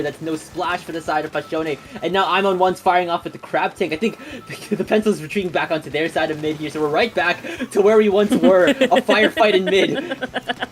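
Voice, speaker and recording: A man's voice: fairly high pitch, a little hiss or hum. A man commentating an online video game tournament live, calling the action and laughing along. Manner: rapid excited play-by-play, laughing. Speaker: esports commentator. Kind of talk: play-by-play commentary.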